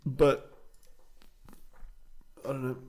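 A man's voice: medium pitch, level tone, very slow, a little mellow. A young man with a New Zealand accent, co-hosting a casual podcast, swearing often and laughing easily. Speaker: podcast co-host. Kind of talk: casual banter. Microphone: headphones and desk mic.

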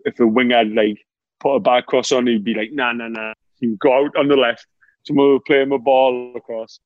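A man's voice: medium pitch, brisk, no room sound, narrow, tinny audio. A man, a former footballer telling laughing anecdotes in casual chat. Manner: laughing, animated anecdotes with lots of "mate".

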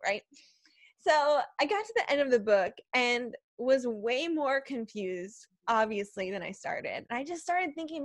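A woman guest on a faith podcast, telling her story in a lively way, acting out her past thoughts and often asking 'right?'. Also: fairly high pitch, brisk, no echo, studio quality. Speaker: podcast guest, preacher and speaker.

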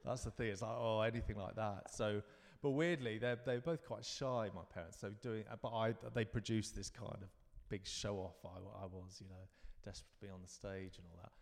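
A man's voice: fairly low pitch, steady tone, brisk, few pauses, in a large hall. A man in his fifties from London, a guest performer in a live interview, telling rambling, reflective stories with frequent restarts. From London, England.

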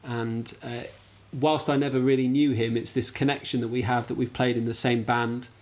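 A man's voice: medium pitch, flat delivery, moderate pace, a little mellow. Laid-back English man, self-deprecating. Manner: self-deprecating, laughs easily, hesitant fillers. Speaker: podcast guest, bandmaster. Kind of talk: casual interview chat.

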